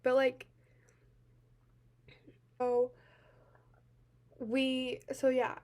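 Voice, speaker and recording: A young woman telling a personal account to camera, halting and teary-eyed, full of filler words, swinging between quiet and loud. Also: high-pitched, monotone. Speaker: vlogger.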